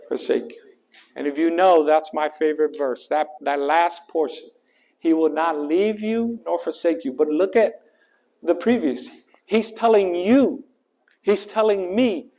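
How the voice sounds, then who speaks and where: A male pastor preaching a sermon, slow and earnest, rising in pitch and force at his peaks and asking the congregation to finish verses. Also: mellow.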